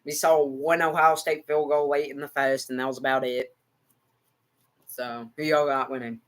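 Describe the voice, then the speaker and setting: The voice is mid-range, level in tone, at a moderate pace. It belongs to a livestream sports reactor with an American country accent who rambles repetitively over live football and talks to his chat.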